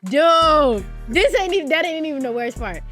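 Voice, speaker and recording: A young woman in her twenties talks as a guest on a casual show, her voice sitting high. She tells stories in an animated way, laughing and swearing freely. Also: moderate pace, soft background music. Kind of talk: casual chat.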